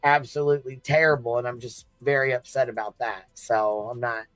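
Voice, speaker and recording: Laughing, cursing livestream host. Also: male voice, medium pitch, steady tone, brisk, fairly bright tone, dry recording, faint music behind. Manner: profane, laughing, banter with chat. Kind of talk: casual livestream chat.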